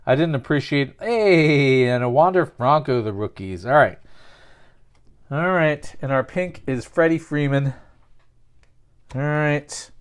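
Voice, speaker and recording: A man's voice: fairly high pitch, animated, slow pace, pauses often, clean tone. A man casually talking through a card opening, rambling and joking at his own expense. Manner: rambling, jokey, self-mocking. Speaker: sports card collector opening packs. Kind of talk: casual pack-opening commentary with absurd storytelling.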